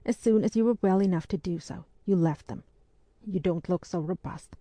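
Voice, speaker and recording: A woman reading the part of a brisk, firm English spinster hostess in an audiobook. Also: lowish voice, warm tone, dry recording, close to an everyday voice.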